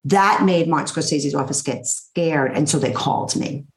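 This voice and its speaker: A middle-aged woman with a slightly low voice tells her story to an interviewer in an animated, blunt way. Her room adds a noticeable echo. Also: normal speed, noisy background. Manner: animated, blunt storyteller who acts out quotes. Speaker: interview guest, therapist.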